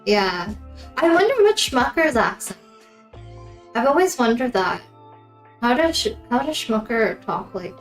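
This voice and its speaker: A woman's voice: a little high, sing-song, measured pace, long pauses. A woman live streamer chatting casually with her viewers, giggling often between remarks. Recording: roomy echo, faint background music.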